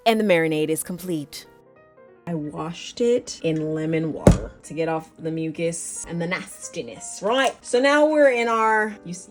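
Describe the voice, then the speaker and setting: A woman hosts a laid-back cooking vlog, talking through each step of a recipe. Her delivery is playful, with joking asides to the viewers, and faint music plays underneath. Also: on the low side. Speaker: cooking show host.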